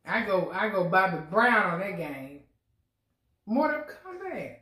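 A woman's voice: medium pitch, sing-song, a little slow, a bit bright, echoey room. A woman hosting an eating show, bantering playfully and trash-talking with lots of laughter. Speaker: mukbang host. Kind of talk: casual banter while eating.

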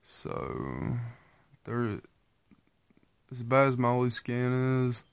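A man's voice: very animated, drawn-out words, vocal fry, clean tone, dry recording. A tired man with a congested, stuffy voice from sinus trouble gives a casual, rambling update to his viewers. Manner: tired, low-key and rambling. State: tired from just waking up. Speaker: vlogger giving a weight-loss update.

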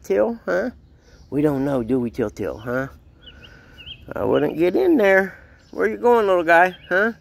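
Man filming his pup outdoors on a phone, playful baby talk, high lively pitch and a heavy gravelly fry. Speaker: dog owner filming his puppy. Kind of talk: casual vlog narration. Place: outdoors in a backyard.

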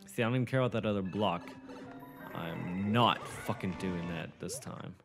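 A man's voice: deep voice, normal speed, gravelly, music in the background. A young man commentating his own gameplay, swearing, boasting and getting frustrated as he talks to a friend. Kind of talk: swearing let's-play commentary.

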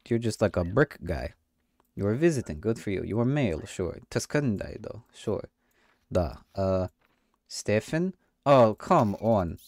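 A man's voice: medium pitch, a little mellow, no room sound, studio quality. A man streaming a game, joking in a mock-official inspector voice with a put-on accent and swearing. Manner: puts on a mock foreign accent. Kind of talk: comedic let's play commentary.

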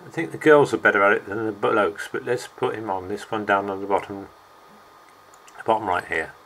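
Gravelly man, chatty and rambling, casual video commentary. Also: lowish voice, fairly quick, a bit bright, slight background noise, poor audio. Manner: rambling, chatty, with asides and fillers. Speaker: video maker. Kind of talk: casual commentary over clips.

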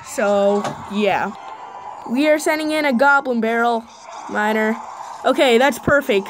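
A woman giving chatty, live play-by-play commentary on her own mobile game match, with excited bursts. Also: a little high, a little hiss or hum, poor audio. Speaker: gaming channel host.

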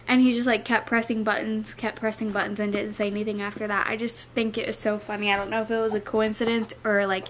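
A young adult woman vlogger talking casually to the camera in a chatty, rambling, soft-spoken way. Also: mid-range voice, little pitch movement, quick pace, hardly any pauses, a little hiss or hum.

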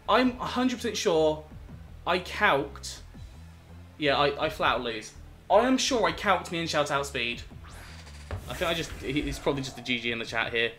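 A man in a slightly raised register narrates his game battle live, reasoning through each move out loud. When things go wrong he bursts into disbelieving outcries and blames himself. A soft music bed plays underneath. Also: fairly high pitch, expressive, moderate pace. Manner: thinks aloud, self-critical, flares into exasperated outbursts. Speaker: gaming video host.

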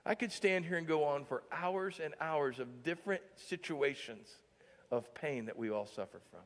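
High-voiced male pastor in a reverberant church. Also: normal speed. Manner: conversational, heavy use of filler "like"; swings from hushed to loud and emphatic. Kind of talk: sermon. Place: church sanctuary. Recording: long church-hall reverb.

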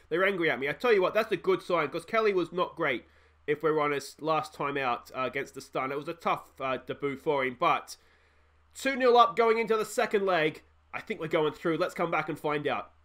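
An Australian man hosts a football management game playthrough, commentating like a fan in the stands. His voice sits a little higher than most men's. He groans at missed chances and breaks into excited shouts at the big moments. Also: a little fast. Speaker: gaming video host.

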